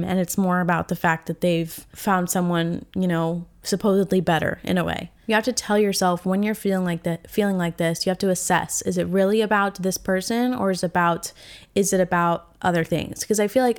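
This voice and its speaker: A woman's voice: lowish voice, brisk. A woman in her twenties hosting a solo podcast, talking in a candid, rambling, emotional way, full of fillers and restarts. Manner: emotional and reflective. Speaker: podcast host. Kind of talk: casual solo podcast monologue.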